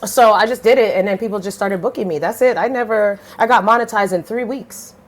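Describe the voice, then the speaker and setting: A woman in her thirties, a podcast guest telling her story in a lively, blunt way, swearing casually and switching voices when she quotes people. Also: a little fast. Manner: animated, swings pitch widely when quoting others.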